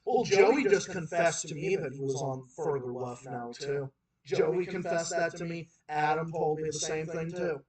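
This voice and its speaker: A livestream host with a Boston accent and a higher-pitched voice rants heatedly about politics at normal speed, repeating himself and restarting sentences with emphatic force. He is far from the mic in a roomy, echoing space, with a loud crowd audible.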